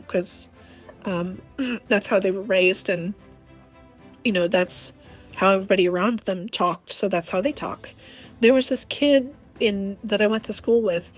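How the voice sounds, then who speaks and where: A woman from the American South with a rough, strained voice, talking in a casual, blunt opinion monologue full of ums and restarts. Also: mid-range voice. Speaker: vlogger.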